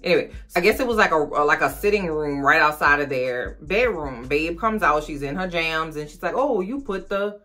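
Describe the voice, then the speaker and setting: A woman chatting casually as she recaps a TV episode, sassy and animated, with quick asides to her viewers. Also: deep voice, faint music behind. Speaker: recap vlogger.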